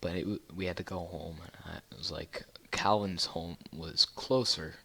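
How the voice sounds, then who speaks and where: A man telling a story casually on his channel, with a low voice. He rambles, restarting sentences and filling gaps with fillers. His tone is bright and forceful. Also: fairly even intonation, moderate pace, vocal fry, husky. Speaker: YouTuber.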